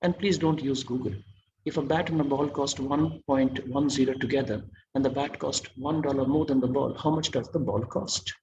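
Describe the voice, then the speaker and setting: A man's voice: mid-range voice, fairly even intonation, normal speed, a little mellow, highs cut off, a little hiss or hum. A man giving an online masterclass lecture, quizzing his audience and praising their answers.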